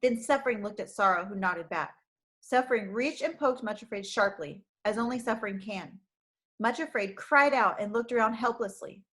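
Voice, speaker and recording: A woman reading a storybook aloud for young children, narrating clearly and expressively. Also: mid-range voice, moderate pace, a bit bright.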